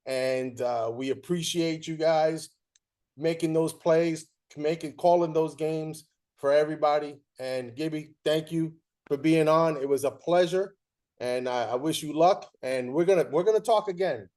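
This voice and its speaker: A man's voice: fairly high pitch, unhurried, darkish tone. A man hosting a show, animatedly telling a story and thanking his guest. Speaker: show host. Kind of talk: casual interview, storytelling.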